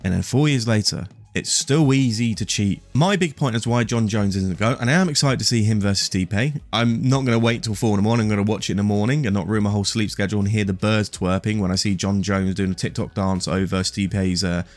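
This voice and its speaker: A man's voice: fairly low pitch, a little fast, few pauses, no room sound. Opinionated young man, dry close voice. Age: late 20s. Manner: opinionated, talks straight to the viewer. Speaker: sports commentary YouTuber. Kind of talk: casual opinionated commentary.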